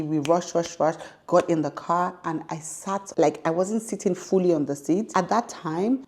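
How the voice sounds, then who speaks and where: A young woman from Nigeria telling a personal story straight to her viewers, animated and chatty, calling them guys and laughing as she goes. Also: low voice. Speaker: vlogger.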